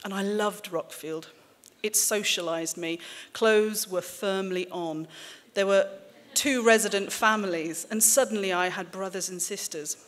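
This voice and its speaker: A woman author in her forties, from the English-Welsh border country, reading a memoir aloud to an audience in a wry, measured way with dry asides. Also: mid-range voice, fairly bright tone. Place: stage in a hall. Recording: reverberant hall.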